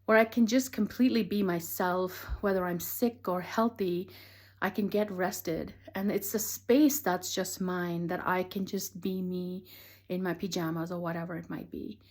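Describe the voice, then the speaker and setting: A woman who works as a transformational teacher, gently and earnestly talking through her thoughts in a reflective monologue. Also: lowish voice, steady tone, normal speed. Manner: earnest and gentle, speaks affirmations softly.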